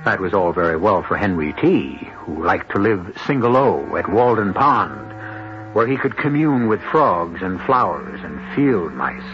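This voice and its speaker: A man hosting a radio mystery drama, narrating in a measured, wry, deliberate way. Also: deep voice, animated, soft background music. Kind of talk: scripted narration. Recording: dull lo-fi old radio broadcast.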